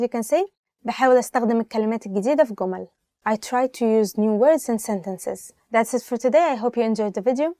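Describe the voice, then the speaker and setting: A young woman with an Egyptian accent teaches everyday phrases. She says each one, repeats it and adds a translation. She talks fast in a slightly high voice, and the recording is dry and close. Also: mellow, no room sound. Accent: Egyptian Arabic. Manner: chatty, peppered with "like", acts out scolding parent lines. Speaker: language teacher.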